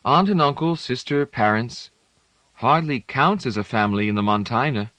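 A man's voice: medium pitch, normal speed, a bit bright, no echo, pitched above the performer's own voice, close to an everyday voice. A man voicing a plain young man from the mountains who talks with wry, understated humor.

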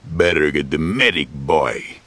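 Villain read: a sneering alien racer, very low, husky, dragged out. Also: male voice, expressive, unhurried, a bit bright, exaggerated voice. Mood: mocking. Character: snarling alien pod racer, scornful male villain.

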